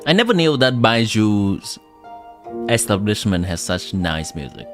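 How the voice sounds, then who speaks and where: A game streamer jokes casually over gameplay, copying lines for laughs. The voice swings widely in pitch. Faint music plays under the commentary. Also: sing-song, a little slow. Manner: joking, mimicking.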